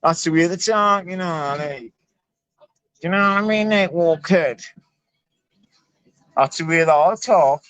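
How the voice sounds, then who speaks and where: A man's voice: fairly high pitch, moderate pace, fairly bright tone, smooth. Blunt swearing man. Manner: blunt, swearing, rambling restarts. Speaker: livestream panelist. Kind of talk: heated livestream argument. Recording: muffled lo-fi stream audio.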